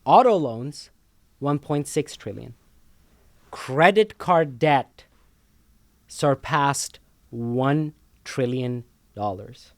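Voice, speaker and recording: This man co-hosts a casual talk show, speaking at medium pitch in an animated way, drawing out words and pausing often. He explains finances emphatically, repeats words, and keeps checking in with "okay?" The recording has no echo.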